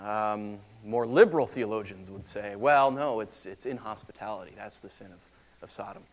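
A man preaching a sermon in a conversational, animated way, acting out the voices he quotes. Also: on the low side, normal speed.

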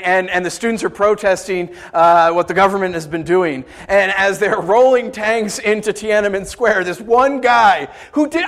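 A high-pitched pastor preaches to his congregation, telling stories punctuated by sudden shouted bursts and rhetorical questions.

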